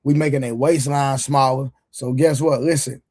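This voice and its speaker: A man with a hoarse voice hosting a livestream, chatting loosely with viewers in slangy banter full of repeated fillers. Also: mid-range voice, steady tone, normal speed, a little mellow. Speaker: livestream show host. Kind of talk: casual livestream chat with viewers.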